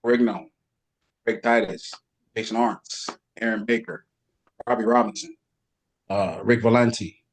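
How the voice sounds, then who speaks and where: A middle-aged man, a guest bodybuilder, telling lively backstage stories and imitating other people's voices in casual chat. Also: lowish voice, unhurried, long pauses, a little hiss or hum. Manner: animated storyteller, does voices of others. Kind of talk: casual storytelling.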